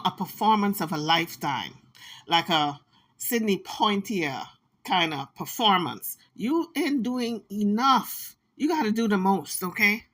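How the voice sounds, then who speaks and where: A woman's voice: mid-range voice, animated, moderate pace, fairly bright tone. A woman hosting a commentary channel, talking back to clips in a sassy, scolding, teasing way. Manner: sassy, scolding, teasing, talks straight to the clip.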